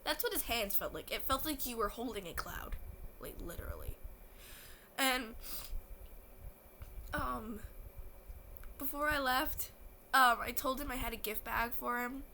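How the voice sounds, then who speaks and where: A young woman tells her fan story in a high, bright voice, tearful and gushing as she acts out what everyone said. A faint noise sits under the recording. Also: expressive, unhurried, pauses often. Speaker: vlogger. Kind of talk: emotional fan vlog storytelling.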